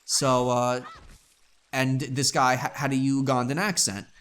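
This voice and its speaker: A young man co-hosting a let's play, chatting casually in a rambling, halting way. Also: medium pitch, flat delivery, fairly bright tone, smooth. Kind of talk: casual gameplay chat.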